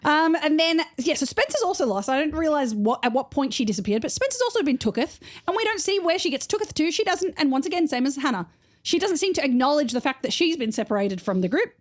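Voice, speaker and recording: A woman's voice: high voice, big pitch swings. A young woman co-hosting a podcast, retelling TV scenes dramatically in casual chat. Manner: quick agreeing, dramatic retelling. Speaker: podcast co-host.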